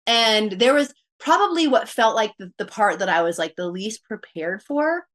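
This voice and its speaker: Animated woman telling her story. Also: medium pitch, normal speed. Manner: animated, quotes her own thoughts, many fillers. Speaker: podcast guest. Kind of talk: casual storytelling.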